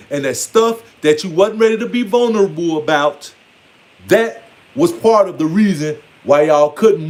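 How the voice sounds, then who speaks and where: A man's voice: high voice, darkish tone. A man giving a casual, blunt, playfully scolding monologue on spirituality. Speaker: spiritual speaker.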